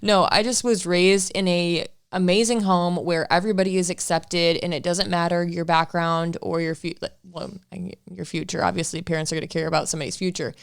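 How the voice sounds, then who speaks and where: A woman's voice: fairly low pitch, steady tone, fairly quick, vocal fry, few pauses, smooth, no echo, studio quality. A young woman in her twenties co-hosting a casual couple podcast, talking frankly and laughing often. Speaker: podcast co-host.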